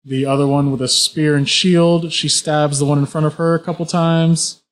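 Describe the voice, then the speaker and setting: A man with a slightly high voice running a tabletop game. He narrates combat in an easygoing way, full of fillers and chuckles. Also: level tone, normal speed. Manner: easygoing, laughs often, filler-heavy narration. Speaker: game master.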